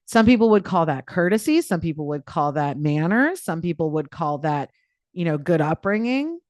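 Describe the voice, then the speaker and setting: A woman's voice: deep voice, animated, moderate pace, darkish tone, no echo, clean studio sound. A woman life coach giving a live online coaching talk in a chatty, playful way, with lots of filler words.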